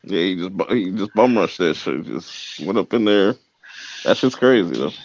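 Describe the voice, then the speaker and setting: A man's voice: low-pitched, expressive, moderate pace, vocal fry, darkish tone, highs cut off, slight background noise. A man co-hosting a podcast in casual chat, laid-back, acting out quotes as he talks. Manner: laid-back, acts out quotes, swears a lot. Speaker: podcast co-host.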